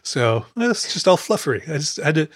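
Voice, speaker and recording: A man's voice: fairly high pitch, very animated, moderate pace, dry recording, studio quality. A man hosting a podcast, chatting casually and digressively as he recounts film scenes. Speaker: podcast host.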